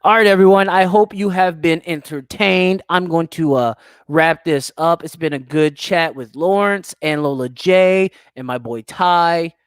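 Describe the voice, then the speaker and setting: A man's voice: a little high, a little slow, clear, resonant tone, no echo, clean studio sound. A man hosting a livestream talk show, ranting casually and profanely while answering viewer comments. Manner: profane, animated rant.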